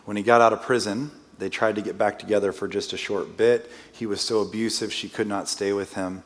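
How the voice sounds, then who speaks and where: In a conversational sermon, a guest preacher in a church sanctuary shares a personal story with self-deprecating humor and joking asides. His voice is on the low side, fairly even in intonation and a little fast, heard through long church-hall reverb.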